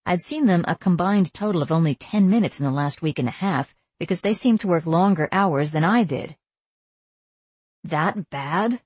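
A woman narrating a first-person audiobook in an even storytelling voice with wry asides. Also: fairly low pitch, a little fast, hardly any pauses, husky, no echo.

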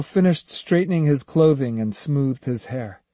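A man narrating an audiobook, in a measured, expressive storytelling voice on a close studio mic. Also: mid-range voice, breathy edge, dry recording. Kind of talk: scripted narration.

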